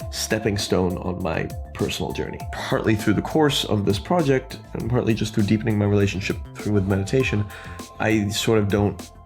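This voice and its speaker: A man's voice: lowish voice, moderate pace, darkish tone, soft background music. A man explaining his project in a casual chat, thoughtful and earnest. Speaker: game developer.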